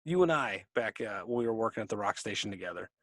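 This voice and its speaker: A man's voice: on the low side, expressive, fast, fairly bright tone, no room sound, studio quality. Rambling man co-hosting a podcast. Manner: rambling, restarts often. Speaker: podcast co-host. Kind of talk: casual chat.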